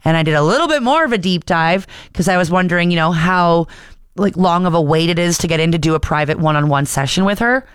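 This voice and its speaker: A woman's voice: lowish voice, fast, clear, resonant tone, dry recording, clean studio sound. A woman co-hosting a morning radio show, chatting at length with frequent fillers.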